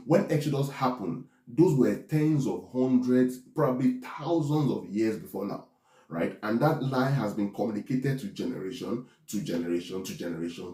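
A man's voice: on the low side, mellow. A man preaching a Bible teaching, often checking in with his listeners with "right?" and "are we together?". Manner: preaches with many "right?" tag questions. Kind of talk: sermon. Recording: echoey room.

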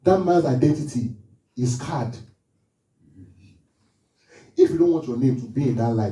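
A man's voice: medium pitch, moderate pace, pauses often, dark tone, roomy sound, far from the mic, low-quality recording. A man preaching a sermon as pastor, asking the congregation questions, repeating his phrases and driving each point home.

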